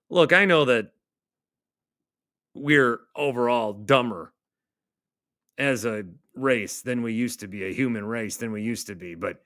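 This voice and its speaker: A middle-aged male radio host reading out online comments and firing back at them in a sarcastic, animated rant. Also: mid-range voice, moderate pace, no room sound, clean studio sound.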